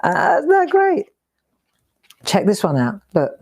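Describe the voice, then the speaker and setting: A woman's voice: mid-range voice, huge pitch swings, slow, darkish tone. A middle-aged woman hosting a craft live stream, chatting and exclaiming as she looks through old keepsakes. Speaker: craft show host. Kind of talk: casual live-stream chat.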